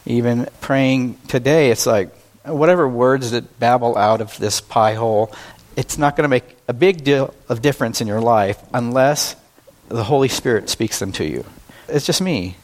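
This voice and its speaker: A man preaching a sermon to a congregation, talking in a casual, self-deprecating way and slowing down to stress key phrases. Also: mid-range voice. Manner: conversational and self-deprecating, with emphatic slowed phrases. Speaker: pastor.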